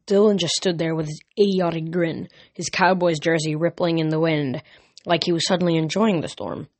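A man reading a novel aloud as an amateur audiobook, steady with small slips. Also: fairly high pitch, moderate pace, dry recording. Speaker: reader.

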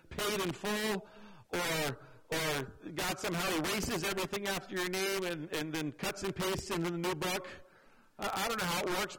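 A man preaching a sermon in an earnest, conversational way, dropping his voice low for emphasis. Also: pushed and bright, slight background noise, low-quality recording. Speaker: pastor.

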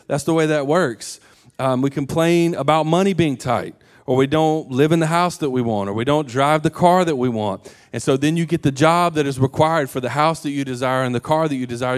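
A man in his thirties, a pastor preaching a sermon in a casual, joking way, with lively voiced quotes. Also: on the high side, clean tone. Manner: casual and conversational, animated quotes and jokes.

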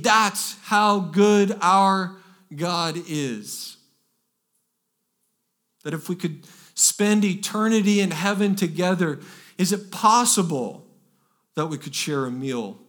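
A man preaching from the pulpit with a slightly high voice. He is earnest and builds emphasis, stretching and lifting key phrases, and he often repeats words as he goes. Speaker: pastor. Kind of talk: sermon.

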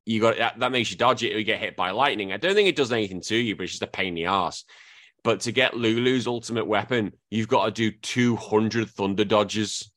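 Lowish male podcast host, animated, lots of squeaky impressions, dry close mic. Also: fairly quick, dry recording. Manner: animated, jumps into high-pitched impressions. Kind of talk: casual chat.

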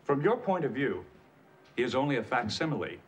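Precise android officer, played by a man, formal wording with lively pitch, faint ambience. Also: brisk, slight background noise, lightly acted. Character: polite literal-minded android officer. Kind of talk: TV drama acting. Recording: faint background ambience from a TV episode.

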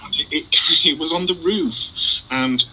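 A man co-hosting a podcast whose voice is very bright and sharp. He talks in a hesitant, stop-start way, full of fillers and restarts. His humour is deadpan. A faint hiss sits behind the voice. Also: fairly high pitch, moderate pace, rough recording. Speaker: podcast co-host. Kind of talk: casual chat.

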